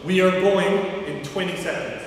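A man coaching a live workout, with energetic, repeated encouragement and countdowns. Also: high voice, unhurried. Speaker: fitness coach. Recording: echoey hall from far off, faint noise.

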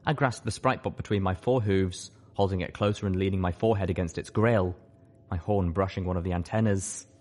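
Male audiobook reader with a fairly low voice, measured first-person narration. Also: darkish tone. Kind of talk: audiobook narration of fan fiction.

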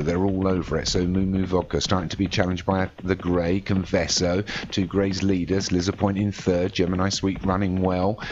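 A man commentates a horse race from a racing game, tracking each runner as the field strings out. The recording is a little muffled and lo-fi, with faint noise underneath. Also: sits low. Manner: rises sharply to excited shouting at the finish. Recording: slightly dull lo-fi audio with faint noise.

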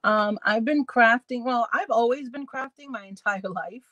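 A woman's voice: fairly high pitch, moderate pace, fairly bright tone, no room sound. A woman hosting a crafting live stream, chatting casually with her viewers and laughing often as she works. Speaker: crafting channel host.

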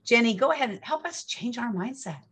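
A woman's voice: fairly high pitch, expressive, a little fast, a bit bright, breathy edge. A woman hosting an online event, chatty and upbeat, rambling with fillers. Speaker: event host.

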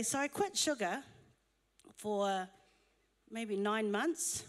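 High-voiced woman preaching in a reverberant hall. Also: expressive, unhurried. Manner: humorous, chatty storytelling. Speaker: pastor. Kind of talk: conversational sermon. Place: church auditorium.

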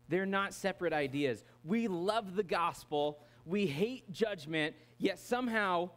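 A man with an American accent preaching a casual, joking sermon full of fillers. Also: a little high. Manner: joking, chatty, many fillers. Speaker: guest preaching pastor.

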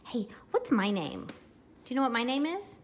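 A woman's voice: fairly high pitch, big pitch swings, normal speed, reverberant, a little hiss or hum. A mother in her home kitchen filming her toddler, talking to him in a playful, coaxing sing-song. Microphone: handheld camera taping.

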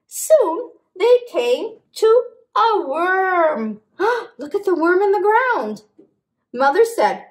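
A woman leading a children's storytime as librarian, reading a picture book and rhymes in an animated, sing-song manner with animal sounds and questions to the kids. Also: very high voice, slow pace.

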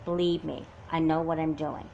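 A woman's voice: low voice, level tone, normal speed, vocal fry, darkish tone, highs cut off, slight background noise. A woman voicing a confident, self-assured teenage twin sister who takes charge in an amateur doll movie. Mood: persuasive. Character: confident, bossy teen twin sister with a plan.

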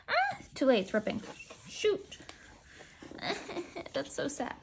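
Female unboxing vlogger, slightly high pitch, talkative and self-mocking, faint noise behind. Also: wildly swooping pitch, takes it slowly, gravelly. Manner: chatty, self-deprecating, giggly asides. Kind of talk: casual unboxing chat.

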